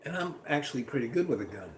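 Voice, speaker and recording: A man telling a rambling personal story in a casual, animated way, acting out what people said. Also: fairly high pitch, brisk. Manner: rambling, animated, acts out quotes. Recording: roomy with faint ambient noise.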